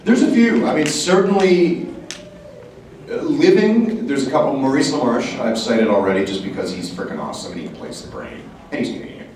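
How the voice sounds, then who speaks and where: A man, a voice actor, speaking at a convention panel and jumping into quick voices and asides. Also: mid-range voice, very animated, darkish tone, a little hiss or hum. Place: large convention hall. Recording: echoey hall, mic heard from a distance.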